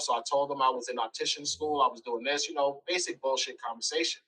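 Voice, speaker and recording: A man's voice: medium pitch, quick pace, slightly rough, far from the mic, rough recording. Man telling a story from afar. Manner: animated storytelling, acts out quoted lines loudly. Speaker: interview guest.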